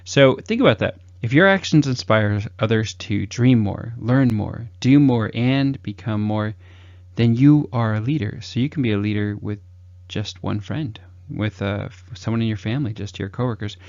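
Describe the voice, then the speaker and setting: Gravelly low-voiced man giving casual advice. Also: normal speed, darkish tone, no echo. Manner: loose and chatty, many fillers, acts out upbeat sample greetings. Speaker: communication advice host. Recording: dull lo-fi dry recording.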